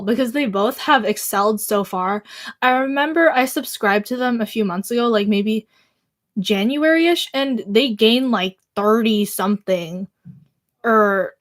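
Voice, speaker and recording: Chatty young woman livestreaming, high voice. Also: fairly bright tone. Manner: chatty, many "like" fillers, laughs often. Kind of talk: casual livestream chat, reading out viewer comments.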